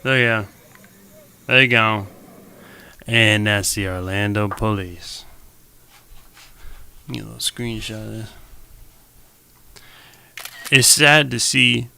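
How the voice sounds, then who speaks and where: Creaky-voiced man streaming reaction commentary. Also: lowish voice, takes it slowly, pauses often, slight background noise. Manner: animated, slangy, talks straight to the viewers.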